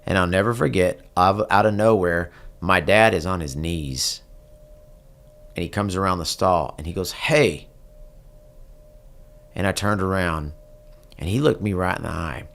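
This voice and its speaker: A man's voice: deep voice, vocal fry, fairly bright tone. A man, earnestly telling a personal story in an interview. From Texas. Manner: earnest, reflective, slowing down at key moments. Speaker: guest, country singer.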